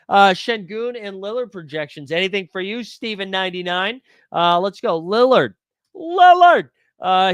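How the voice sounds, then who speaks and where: A man hosting a live fantasy sports stream, chatting casually and excitably with viewers by name while thinking aloud over his picks. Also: on the high side, clean tone, no room sound, clean studio sound.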